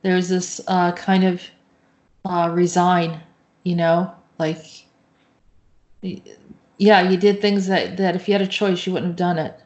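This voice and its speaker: A woman interviewer who asks questions softly and gives short encouraging replies in a casual talk. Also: lowish voice, flat delivery, a little slow, pauses often. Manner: soft-spoken, brief encouraging responses. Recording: echoey, dull lo-fi call audio.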